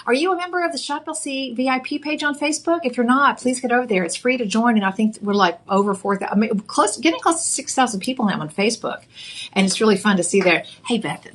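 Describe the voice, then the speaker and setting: A woman's voice: on the high side, quick pace, a bit bright. A woman with a Texan accent hosting a live jewelry shopping show, chatty and upbeat with casual fillers. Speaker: shopping channel jewelry host.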